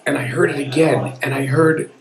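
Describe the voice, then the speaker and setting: A man's voice: mid-range voice, moderate pace, crowd noise. A man in his fifties telling a personal story live on stage, earnest and conversational with a wry edge. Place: pub room at a live storytelling event. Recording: echoey pub room with an audience. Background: audience murmur.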